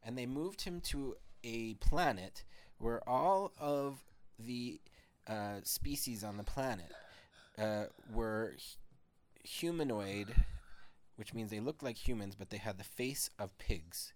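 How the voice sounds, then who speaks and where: A man making up a bedtime story at home, speaking gently and often dropping to a murmur. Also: mid-range voice, slow pace. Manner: gentle, drifting into quiet murmurs. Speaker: parent telling a bedtime story.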